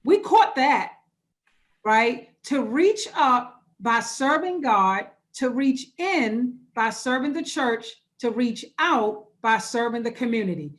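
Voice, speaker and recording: A woman pastor with a somewhat high voice leads an online church workshop over a video call. She keeps it conversational and encouraging, and she circles back to repeat her key phrases. It sounds like live teaching, not a script. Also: expressive, slow pace. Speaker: pastor leading a church webinar. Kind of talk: interactive online workshop talk.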